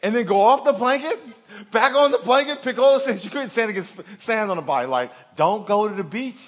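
A man preaching a sermon, telling stories animatedly and acting out the voices of the people in them. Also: a little high. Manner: animated storytelling, acts out voices and laughs. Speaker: pastor.

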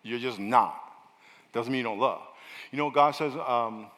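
A middle-aged male pastor preaching a sermon with lots of energy, switching between loud, fiery shouting and quiet, chatty asides to the congregation. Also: mid-range voice, normal speed, pauses often. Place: large church hall. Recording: long echo of a large hall.

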